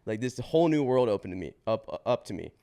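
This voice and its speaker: A man in his twenties, a podcast guest, telling his life story in a casual, slangy way with swearing and quick restarts. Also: fairly low pitch, sing-song, gravelly, warm tone. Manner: slangy and swearing, says bro and dude; fast run-on telling with restarts.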